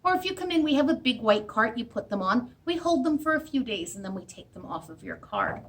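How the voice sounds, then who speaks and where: A woman speaking as a children's librarian in a library room, giving an animated, sing-song storytime for first graders. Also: a little high, fairly quick.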